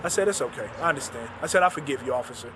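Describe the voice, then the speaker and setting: A man, an author, recounting a personal story and retelling the dialogue in quick back-and-forth. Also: medium pitch, expressive, background noise.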